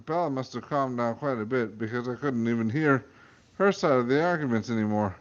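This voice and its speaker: A man's voice: mid-range voice, fairly quick, highs cut off. A man, a podcast host, reading a comic story aloud and tripping over words. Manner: stumbling, self-correcting reading.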